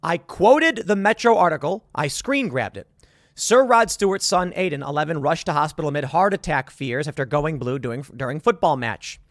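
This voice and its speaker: Guy in his 30s ranting on his commentary show, sarcastic, kinda high voice, dry close mic. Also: expressive, moderate pace, no echo. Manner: sarcastic, exasperated, rambling with restarts. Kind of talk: opinion commentary monologue.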